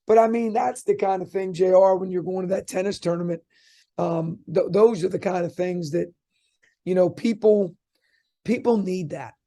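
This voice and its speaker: Middle-aged male coach guest, chatty storyteller, pitched a bit high with a mellow tone. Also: normal speed. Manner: chatty, restarts often, lively anecdotes. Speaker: college basketball coach. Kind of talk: interview guest, rambling storytelling.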